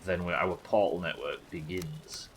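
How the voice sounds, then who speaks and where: Streamer, male, young, bright lowish voice, casual swearing, faint room ambience. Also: fairly even intonation, unhurried, a little hiss or hum, poor audio. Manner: chatty, swears freely, thinks aloud. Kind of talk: live gameplay commentary.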